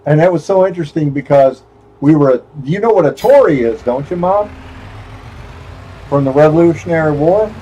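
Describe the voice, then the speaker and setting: A man's voice: fairly high pitch, expressive, normal speed, mellow, husky, highs cut off. A man streaming a game, chatting casually in a rambling, joking way and chuckling often. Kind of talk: casual chat while gaming.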